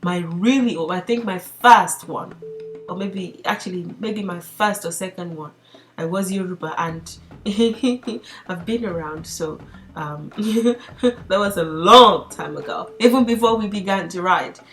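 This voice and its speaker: A woman's voice: fairly low pitch, unhurried, a bit bright. A woman teaching a language lesson in a chatty, casual way, reading lines aloud and explaining them with frequent fillers and laughs.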